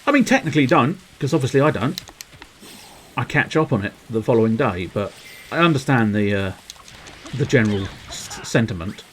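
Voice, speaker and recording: A man's voice: mid-range voice, big pitch swings, a little fast, slight background noise, rough recording. A man streaming a game, rambling playfully to his viewers with cheeky innuendo. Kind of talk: casual livestream commentary.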